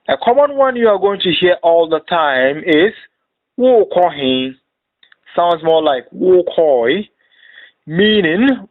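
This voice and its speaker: A man with a slightly high voice narrates a beginner language lesson at a very slow, careful pace. He reads each phrase, then repeats it for pronunciation. The sound is thin and tinny, like a phone line. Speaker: language teacher.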